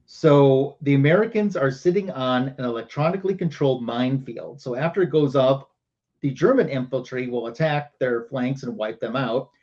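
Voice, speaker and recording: A man at a middle pitch talks through a comic book story for his livestream audience. He speaks loosely and conversationally, with many ums and uhs. The audio sounds a little dull and lo-fi. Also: moderate pace, a little mellow. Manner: casual storytelling with many fillers. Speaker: show host.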